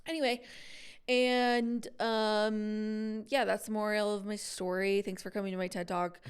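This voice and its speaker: A woman co-hosting a podcast, chatting casually about books with quick asides. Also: medium pitch, level tone, clean tone. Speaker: podcast co-host. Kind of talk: casual chat.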